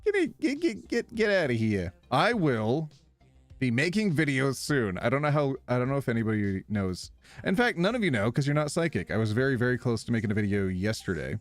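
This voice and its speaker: A man live streams with a medium-pitched voice, talking fairly quickly with no room sound and faint music behind him. He chats casually and animatedly with viewers, reading out their messages and laughing a lot.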